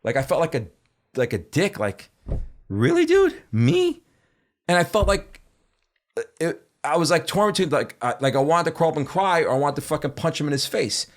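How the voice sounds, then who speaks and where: A middle-aged man from Brooklyn, New York, guests on a podcast, talking fast in a fairly high voice. He tells stories casually with plenty of swearing, acting out what other people said in an animated, profane way.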